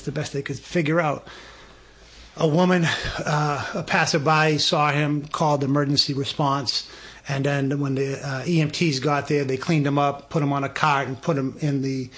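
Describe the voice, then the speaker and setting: Husky, excitable man telling a story. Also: on the high side. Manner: excitable, stammering restarts, acts out dialogue. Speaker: guest. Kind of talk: animated storytelling.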